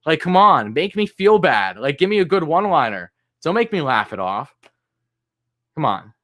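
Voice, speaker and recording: A man hosting a live fan stream, calling pitches play-by-play and griping and swearing about the umpires in an exasperated voice that jumps high on big moments. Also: big pitch swings, normal speed, a bit bright. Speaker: fan commentator and stream host.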